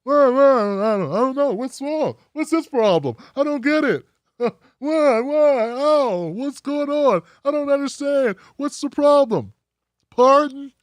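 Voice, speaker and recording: A man voicing a defensive man who plays innocent and keeps asking what's wrong, in a high, whiny tone. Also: lively intonation, a little slow, dry recording. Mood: whiny innocence. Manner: high whiny protests, repeated questions.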